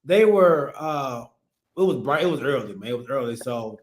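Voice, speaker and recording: A man's voice: mid-range voice, expressive, normal speed. A man co-hosting a live show, telling a story in a laid-back, chuckling way and greeting viewers. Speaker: podcast co-host. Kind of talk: casual storytelling chat.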